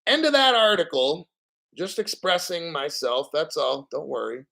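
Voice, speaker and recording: On a casual livestream, a crypto channel host launches into a loose, profane rant, blunt and mocking, putting on sneering voices to quote people he disagrees with. His voice sits a touch higher than most men's and is gravelly, bright and forceful, delivered expressively at a measured pace.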